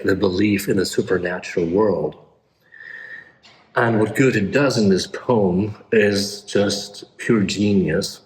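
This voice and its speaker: A man explaining a classic poem in an earnest, enthusiastic lecture. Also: on the low side. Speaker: literature lecturer.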